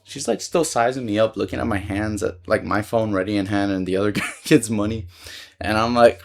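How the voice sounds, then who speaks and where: A man's voice: on the low side, a little fast, gravelly. A young man telling a personal story in a casual vlog, rambling and slangy, filling his talk with "like" and swearing freely.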